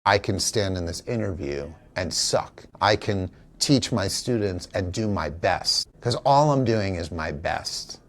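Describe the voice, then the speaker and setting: Low-pitched and fairly bright, his voice moves with lively intonation, a little slowly and with few pauses. As an interview guest, this actor, father, and teacher tells a personal story candidly, in an earnest, reflective, emotional manner.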